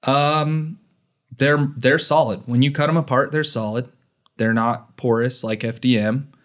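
A man's voice: mid-range voice, steady tone, a little slow. A man co-hosting a podcast in casual chat, joking and explaining with many fillers. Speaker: podcast co-host.

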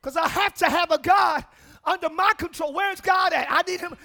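A man preaching a sermon as pastor, calling out to the congregation and dropping into quiet joking asides. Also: extremely high pitch, moderate pace, creaky. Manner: preaching with shouts and call-and-response; drops to quiet asides and laughs. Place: church.

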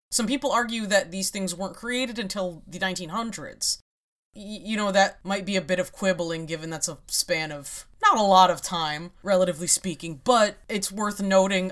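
A woman with a fairly low, fairly bright voice hosts a casual podcast chat. She explains her topic wryly and ramblingly, laughing often.

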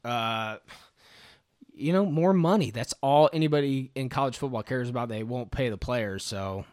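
A man's voice: medium pitch, normal speed, a little mellow, dry recording, studio quality. A man co-hosting a sports podcast, making emphatic points and repeating them in casual chat. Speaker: podcast co-host.

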